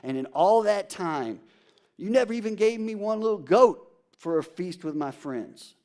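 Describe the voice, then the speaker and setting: A man's voice: high voice, lively intonation, normal speed, darkish tone. A man voicing an aggrieved, resentful older brother who complains indignantly, within a sermon.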